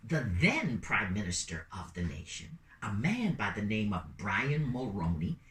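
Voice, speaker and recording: Woman storyteller, big swoopy voice, bright, kinda far from the mic in a roomy space. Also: extremely low pitch. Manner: lively, playful, calls out to listeners. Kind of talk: animated oral storytelling. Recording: roomy sound from away from the mic.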